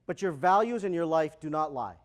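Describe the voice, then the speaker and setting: High-voiced man giving a lively keynote. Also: a little fast. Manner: energetic, asks the audience questions, acts out dialogue. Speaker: keynote speaker. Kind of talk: motivational keynote speech. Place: large conference hall.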